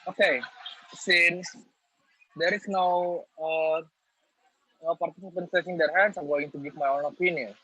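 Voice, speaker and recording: High-voiced moderator, husky. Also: male voice, steady tone, a little slow, long pauses, bright, forceful tone, no echo. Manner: polite, formal, calls on people. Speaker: discussion moderator. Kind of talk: online group discussion. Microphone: video call. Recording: dry, dull video call audio.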